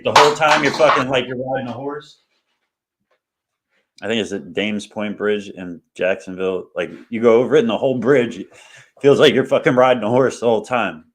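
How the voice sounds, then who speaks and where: A man from Pittsburgh hosting a stream, chatting in a laid-back, profane way with a caller. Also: mid-range voice. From Pittsburgh, USA. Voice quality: laid-back, swearing, laughs often. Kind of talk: casual profane chat.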